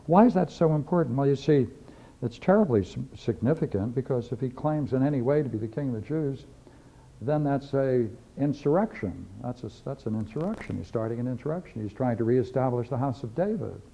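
Gravelly-voiced man lecturing on scripture. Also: medium pitch, animated, a little fast, dark tone. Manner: emphatic, repeats key phrases. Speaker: philosophy teacher. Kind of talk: lecture reading and discussing scripture. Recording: dull lo-fi videotape recording.

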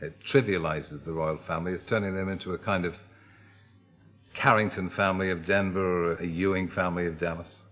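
A man's voice: deep voice, steady tone, fairly quick, a bit bright. An Irish man hosting a television chat show, asking jokey, teasing questions. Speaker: talk show host.

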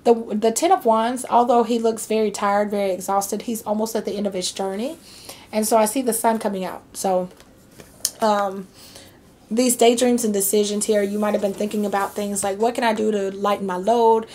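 A woman's voice: medium pitch, steady tone, normal speed, a little mellow, a little hiss or hum. A woman giving a casual tarot reading, chatty and reassuring, with many fillers and frequent okays. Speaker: tarot reader.

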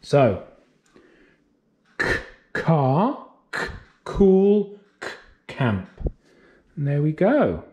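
A man teaches young children their letter sounds, stretching each sound out very slowly. His pitch rises and falls in a lively, sing-song way, the patient cadence of a nursery teacher talking to small children. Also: a little hiss or hum. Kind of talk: phonics lesson for young children. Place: classroom or home, recorded for remote learning.

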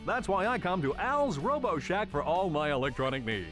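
A man voicing a boastful alien hero doing an advert in a brash salesman pitch. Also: very animated, moderate pace, a bit bright. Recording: game audio with music.

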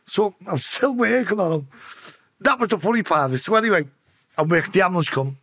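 A man's voice: high-pitched, animated, quick pace, fairly bright tone, husky. A man with a Liverpool accent, a podcast guest telling a story with lots of swearing and acted-out voices. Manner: swearing, acting out voices in his tale. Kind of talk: emotional storytelling.

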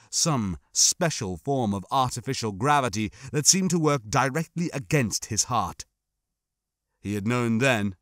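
A man narrating an audiobook in a measured, somber, dramatic reading. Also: medium pitch, no echo, clean studio sound.

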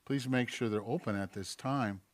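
A man preaching a sermon as pastor in a church, animated, firing rhetorical questions and acting out voices. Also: medium pitch, normal speed. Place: church sanctuary.

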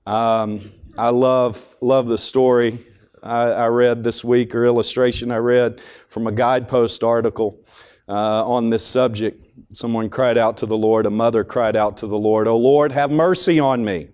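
A man's voice: medium pitch, level tone, measured pace, darkish tone, smooth. A man giving a devotional talk at a school chapel, speaking conversationally with frequent restarts and repeated words.

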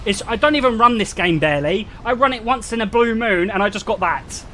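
A young man commentating his own speedrun live, excitable and swearing a lot, swinging from low muttering to sudden shouts. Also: moderate pace, slight background noise. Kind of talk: live gaming stream commentary.

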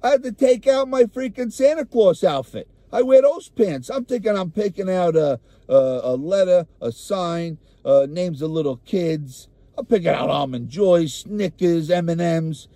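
A man's voice: high-pitched, lively intonation, measured pace, few pauses, mellow, no echo. A man with a New York accent doing a comic, profane rant to camera, sounding exasperated.

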